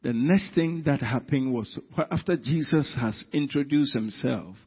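A man preaching a sermon, telling the story dramatically with sudden loud emphatic peaks. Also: mid-range voice, measured pace, slightly rough. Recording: dull sound in a reverberant hall.

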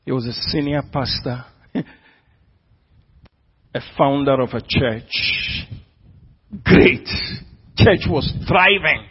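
A man's voice: medium pitch, animated, slow, pauses often, slightly rough, muffled recording. A man preaching a sermon as pastor, pressing the congregation with repeated questions.

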